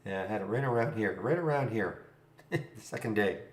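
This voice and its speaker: Hosting a live trading stream, a man rambles, chuckles, and thinks aloud in a roomy room that gives his voice an echo. He speaks on the low side, animated and brisk.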